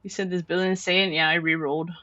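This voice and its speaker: A man's voice: sits high, little pitch movement, fast talker, bright, forceful tone, no room sound, muffled recording. A male streamer chatting casually and playfully with viewers on a close microphone. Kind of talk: casual live-stream chat.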